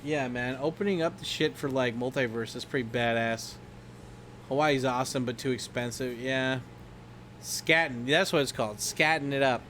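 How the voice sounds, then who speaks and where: A man's voice: mid-range voice, moderate pace, fairly bright tone, slight background noise. A young man streaming, chatting casually and rambling about movies with lots of swearing and laughter. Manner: rambling, profane, laughs a lot, scats and imitates movie lines. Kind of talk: casual livestream chat.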